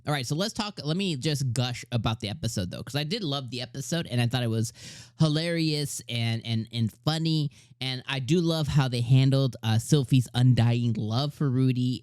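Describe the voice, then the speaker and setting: A man reviewing an anime episode in casual, rambling talk, excitable and full of fillers and restarts. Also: medium pitch, dry recording, studio quality. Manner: retells scenes in slangy paraphrase.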